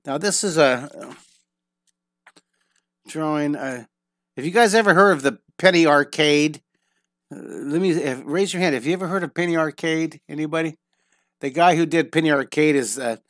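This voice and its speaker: A man's voice: on the high side, no echo. Male art teacher, middle-aged, cheerful and encouraging, rambling restarts, tenor-ish, dry close mic. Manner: upbeat, encouraging, thinks aloud with many restarts. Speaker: drawing teacher. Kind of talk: live online drawing lesson.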